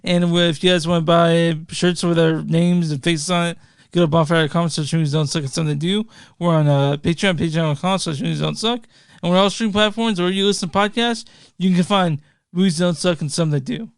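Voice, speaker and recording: A man's voice: on the high side, steady tone, a little fast, smooth, no room sound, studio quality. A man co-hosting a casual movie podcast, easygoing, reading out review scores and show plugs. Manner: easygoing, reads reviews and plugs, laughs often. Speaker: podcast co-host.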